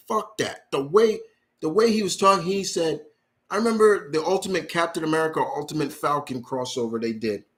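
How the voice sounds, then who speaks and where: A man's voice: a little high, a bit bright. A man hosting a live question-and-answer stream, ranting in a profane, heated way, repeating himself for emphasis and reading viewer questions aloud. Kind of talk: unscripted live-stream rant.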